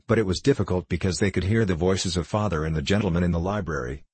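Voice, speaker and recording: Low husky male storyteller. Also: no room sound. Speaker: audiobook narrator. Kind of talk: scripted storybook narration.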